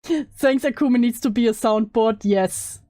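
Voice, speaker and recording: A woman streamer chatting casually and bluntly while reacting to videos, sarcastic and quick to swear. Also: fairly high pitch, warm tone, no echo, clean studio sound. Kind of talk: casual live-stream chat.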